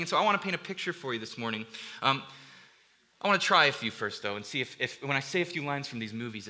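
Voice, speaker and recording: A man's voice: sits high, pushed and bright. A man preaching a sermon to his congregation, earnest and building to emphatic passages, with conversational asides to the room. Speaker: pastor. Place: church hall with a congregation.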